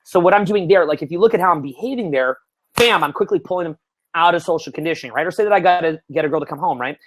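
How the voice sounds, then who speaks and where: A dating coach in his 30s chats casually to the camera from a seat in a small room, full of energy, swearing freely and often laughing. He speaks fast in a slightly high voice, with a bit of hiss or hum in the audio.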